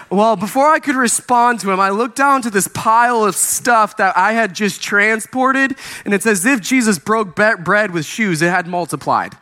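A young man preaching in an animated storytelling style, his voice high-pitched and bright. He acts out the people in his story and laughs along as he goes. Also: normal speed, few pauses. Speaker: youth pastor and guest preacher. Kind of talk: storytelling sermon.

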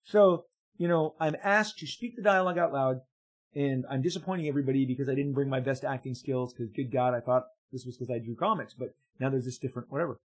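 Husky-voiced man telling an excitable story. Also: mid-range voice, fast talker, poor audio. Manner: excitable, stammering restarts and repeated words. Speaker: comic book artist telling an anecdote. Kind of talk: casual storytelling to viewers.

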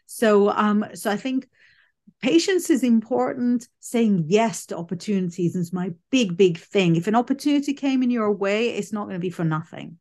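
A woman's voice: mid-range voice, normal speed. Chatty woman guest giving career advice. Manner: chatty, animated, self-correcting. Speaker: psychic medium guest. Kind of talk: casual interview chat.

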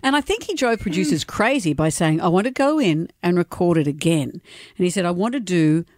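A woman's voice: on the low side, expressive, fairly quick, darkish tone, dry recording, clean studio sound. A woman hosting a radio chat show, telling stories and teasing her co-host. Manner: storytelling, teasing. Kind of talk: casual chat.

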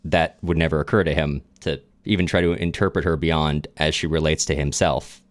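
A man co-hosting a book podcast, talking thoughtfully with halting restarts. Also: a bass voice, fairly even intonation, dry recording. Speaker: podcast co-host. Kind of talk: casual book discussion.

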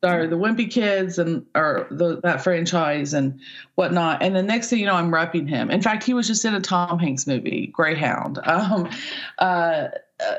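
A woman's voice: fairly low pitch, expressive, moderate pace, highs cut off. A woman talent agent in a casual podcast interview, chatty and rambling as she tells stories about her work.

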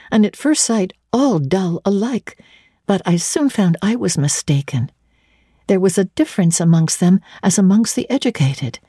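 A woman giving a measured, expressive dramatic reading of a classic novel on a close microphone. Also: lowish voice, breathy edge, no room sound.

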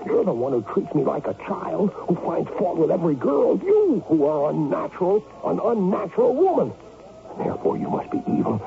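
Brief: obsessive unstable son, 1970s radio drama, wild pitch swings. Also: male voice, vocal fry, noisy background, heavily acted. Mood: raving. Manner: swings from sullen to raving and whispering. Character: troubled grown son, fixated on tainted blood. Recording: tinny old radio broadcast with music.

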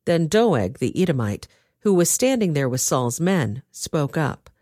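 A woman narrating a dramatized scripture reading with expressive storytelling. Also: low voice, a little slow, no echo, clean studio sound.

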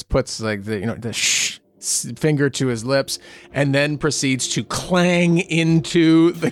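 A man narrating as game master in a tabletop game, talking in halting bursts full of fillers. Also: fairly high pitch.

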